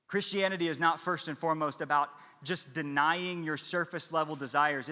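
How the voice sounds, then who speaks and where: A man's voice: on the high side, pushed and bright. A young man preaching a sermon as pastor, earnest, repeating phrases for emphasis. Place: church hall. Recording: long hall reverb with music behind.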